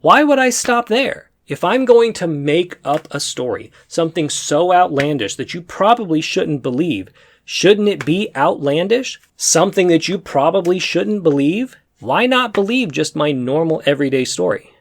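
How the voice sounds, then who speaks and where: A young man telling a comic story to camera, animated and jumping into loud sound effects. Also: fairly high pitch, moderate pace. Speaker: comedy vlogger. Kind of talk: comedic storytelling monologue to camera. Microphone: desk USB microphone.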